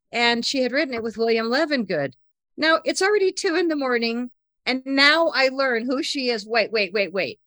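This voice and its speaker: A woman telling a personal anecdote in conversation, lively and breathless, acting out the lines of the people in it. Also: fairly high pitch, moderate pace, no room sound. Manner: lively, breathless retelling with acted-out quotes.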